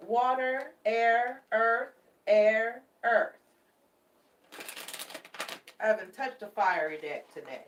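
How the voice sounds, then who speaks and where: A woman's voice: fairly high pitch, slow, pauses often, far from the mic, lo-fi sound, slight background noise. A woman giving a casual tarot reading, chatty and affectionate, repeating her warnings for emphasis and calling her viewers babies. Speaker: tarot card reader. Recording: echoey room, mic set back.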